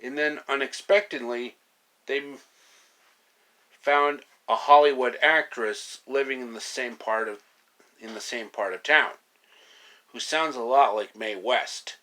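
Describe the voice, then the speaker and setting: A man reading his own story aloud in a playful, animated way. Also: medium pitch, a little slow, pauses often.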